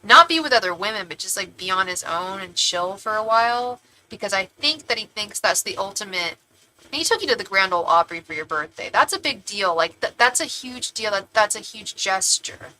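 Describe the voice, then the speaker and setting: A woman's voice: medium pitch, animated, a little fast, sharp tone, poor audio. A young woman from California giving a tarot reading on a live stream, chatty and rambling with many restarts. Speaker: tarot reader.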